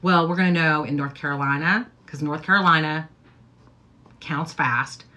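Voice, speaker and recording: A woman's voice: deep voice, normal speed, pushed and bright. A middle-aged woman hosting a casual get-ready-with-me livestream, talking in a rambling way with lots of "okay?" and "like". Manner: chatty, rambling, repeats "okay?" and "like". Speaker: livestream host.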